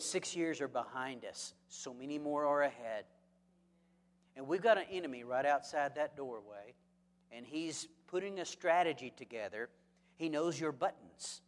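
A pastor with a somewhat high voice preaches a lively sermon, throwing rhetorical questions at the congregation and slipping in jokes. A long hall reverb makes his voice ring out as if in a church sanctuary.

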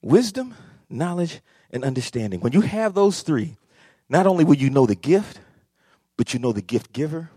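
A male pastor preaching a sermon, swinging from quiet talk to shouting and calling out to the congregation. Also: a little high, sing-song, normal speed, slightly rough, no echo, clean studio sound. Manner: repeats phrases, calls out to congregation.

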